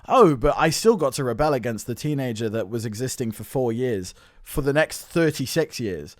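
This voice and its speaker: An earnest young British man hosts his own podcast, thinking aloud and questioning himself. His voice sits in a middle register and lurches from loud, quick bursts to low, slow mutters. The sound is dry and close, with no room around it. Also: expressive, no echo. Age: 20s. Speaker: podcast host. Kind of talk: reflective solo podcast monologue.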